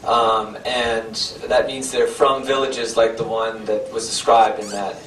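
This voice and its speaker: A man's voice: lowish voice, level tone, fairly bright tone. Guy giving a rambly self-deprecating talk, lots of ums and restarts, noisy roomy recording from across the hall. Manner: halting, self-deprecating, many fillers and restarts. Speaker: guest speaker. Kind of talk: informal lecture. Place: lecture hall. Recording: echoey hall from far off, noisy.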